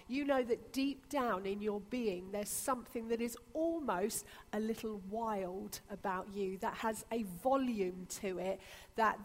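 Earnest woman preaching in a hall. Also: fairly high pitch. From Britain. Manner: earnest, repetitive emphatic phrasing. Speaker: pastor. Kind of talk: sermon. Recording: long reverb of a church hall.

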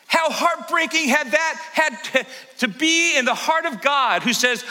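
A male pastor preaching a sermon in a church, animated and acting out the voices of scripture. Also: very high-pitched, measured pace, in a large hall, rough recording. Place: church sanctuary.

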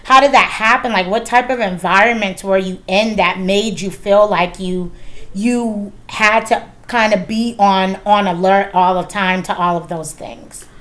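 A woman's voice: medium pitch, unhurried, fairly bright tone. A woman in her thirties hosting a casual chat, candid and swearing freely, with lots of fillers. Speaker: podcast host.

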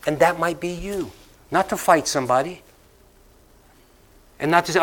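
Man preaching, fairly high voice, chatty storytelling, repeats lines, church sermon then prayer. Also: normal speed, pauses often, fairly bright tone. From Northeastern United States. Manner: conversational storytelling preacher who laughs and repeats lines for emphasis. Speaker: pastor. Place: church sanctuary.

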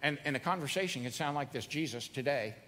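A man's voice: a little high, fast talker, pushed and bright, big-room sound, slight background noise. A man preaching a sermon in a conversational, earnest way, repeating phrases for emphasis.

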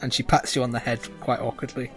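A man's voice: medium pitch, little pitch movement, quick pace, a bit bright, faint music behind. A man running a tabletop game as game master, narrating in a chatty, loose way with many fillers.

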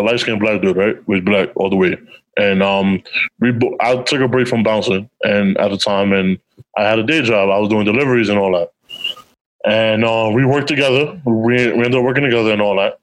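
A man's voice: normal speed, poor audio. A man co-hosting a podcast in casual chat, using streetwise slang and acting out the people in his stories. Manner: animated, acts out quotes with big pitch jumps; streetwise slang, frequent "you know what I'm saying". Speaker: podcast co-host.

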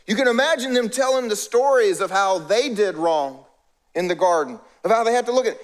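A man's voice: high-pitched, animated, fairly quick. A middle-aged male pastor preaching a conversational sermon, acting out the voices of biblical characters.

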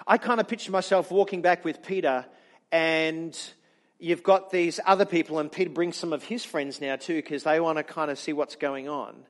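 Man, preacher, high voice, storytelling sermon, chatty, restarts. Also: moderate pace. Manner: animated, chatty, frequent restarts.

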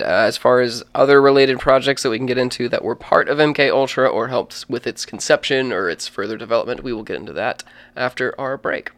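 A man's voice: medium pitch, a bit bright, no room sound. A man hosting a casual comedy podcast, rambling and acting out silly voices as he spins a story. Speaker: podcast host.

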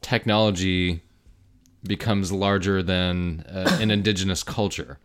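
A man with a very low voice, chatting casually as a co-host. He tosses in wry, teasing remarks about what his partner reads out. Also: steady tone, a little slow, smooth. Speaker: podcast co-host. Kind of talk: casual chat, joking commentary.

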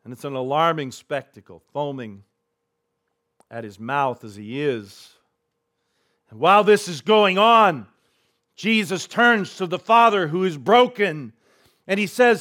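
A man preaching a sermon as pastor, retelling a scripture story vividly, swinging between hushed and emphatic delivery. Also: fairly high pitch, lively intonation, a little slow, long pauses.

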